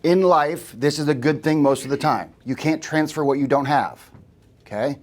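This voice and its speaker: A man with a voice on the high side leads a live sales training for a room of agents at a moderate pace. He keeps it conversational, often checking in by asking the group questions.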